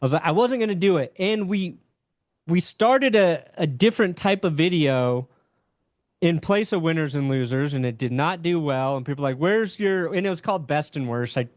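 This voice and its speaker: A man's voice: a little high, animated, normal speed, no echo, clean studio sound. A young man chatting casually as a podcast guest, candid and rambling, with casual swearing. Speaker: podcast guest, sports YouTuber.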